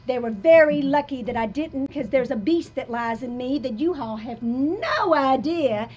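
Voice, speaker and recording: A woman of about sixty giving a live motivational talk to an audience in a coffee shop, emphatic and confessional, swinging between soft and loud. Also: sits high, normal speed. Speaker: motivational speaker.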